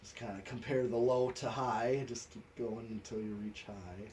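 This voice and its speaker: A man's voice: lowish voice, steady tone, moderate pace, mellow, distant mic, slight background noise. A man testing a ceiling fan, talking practically and counting settings aloud. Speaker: fan tester. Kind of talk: casual technical chat.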